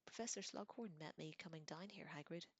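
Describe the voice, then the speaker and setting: A woman reading in a whispered role-play, voicing a polite, earnest teenage boy who speaks softly. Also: sits low, a little fast, husky, no echo.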